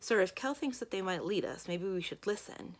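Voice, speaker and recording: A woman's voice: mid-range voice, expressive, fairly quick, lightly acted. A woman reading the part of a loyal young male page speaking up for a friend. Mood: supportive.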